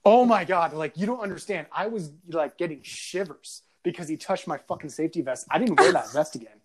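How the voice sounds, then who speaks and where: A man's voice: sits high, quick pace, few pauses. A man co-hosting a casual podcast, telling crude stories full of swearing and laughter. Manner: animated storyteller, swears a lot, laughs often. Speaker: podcast co-host.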